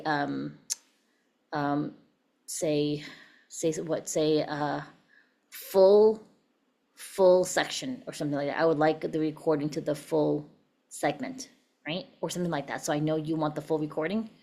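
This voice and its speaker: A woman hosting a podcast, talking casually and asking her listeners questions, and later leading a group through an animated guided exercise. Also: low-pitched. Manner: chatty, asks the listener questions. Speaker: podcast host. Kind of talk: casual chat and recorded workshop talk.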